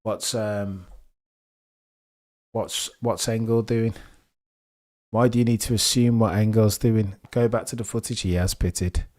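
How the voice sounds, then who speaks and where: A young man with a Birmingham accent and a low voice, talking over a motor race as it happens. He chats casually and excitably, reacting to the action and answering his viewers. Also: measured pace, long pauses. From England. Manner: chatty, excitable, reads and answers viewer messages. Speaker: livestream host. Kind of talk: casual live race commentary.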